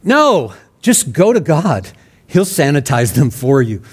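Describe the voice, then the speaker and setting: A man's voice: on the high side, very animated, slow, husky. A man preaching a sermon in an earnest, conversational way, acting out sample prayers in his own words. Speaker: pastor.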